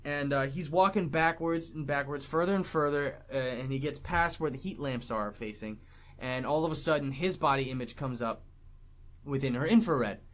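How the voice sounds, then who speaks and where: A man's voice: medium pitch, moderate pace, a bit bright. A man co-hosting a casual movie review podcast, recapping scenes in detail with jokes. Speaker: podcast co-host.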